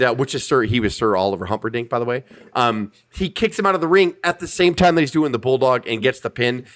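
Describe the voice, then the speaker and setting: A man hosting a podcast, reviewing wrestling in casual, profane, emphatic chat. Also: medium pitch. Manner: profane, emphatic, acts out quotes. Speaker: podcast host.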